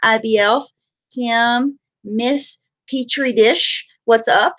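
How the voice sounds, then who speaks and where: A woman's voice: a little high, fairly even intonation, very slow, a bit bright. A tired woman hosting a casual live stream, chatting with viewers and greeting them by name.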